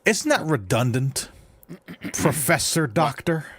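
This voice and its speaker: A man co-hosting a film podcast who speaks in halting, filler-heavy casual chat. His pitch moves up and down in lively fashion. The sound is dry and close to the mic. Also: husky, no room sound. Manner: hesitant, many fillers. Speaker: podcast co-host.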